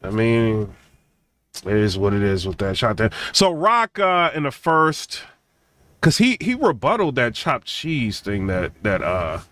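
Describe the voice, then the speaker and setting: A man's voice: mid-range voice, very animated, slow, a bit bright. A man hosting a channel, reviewing a rap battle in casual, rambling commentary and trailing off with "man" and "bro". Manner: laid-back, rambling, drawls "man" and "bro", laughs between points.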